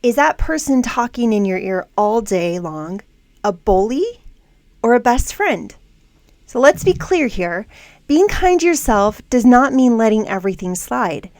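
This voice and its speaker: A woman hosting a self-help podcast, speaking in a calm, measured and encouraging way through a scripted monologue. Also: on the high side, dry recording. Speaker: podcast host.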